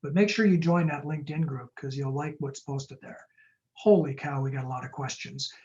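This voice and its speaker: A man, a startup lawyer, giving a quick, jokey webinar talk and answering audience questions over a video call. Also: on the high side, fairly even intonation, darkish tone, lo-fi sound. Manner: fast-talking, jokey and upbeat.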